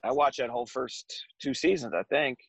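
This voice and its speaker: A man's voice: medium pitch, normal speed, vocal fry, a bit bright, breathy edge, no echo. A man co-hosting a casual podcast with an American accent, joking and laughing often as he chats. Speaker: podcast co-host. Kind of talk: casual chat.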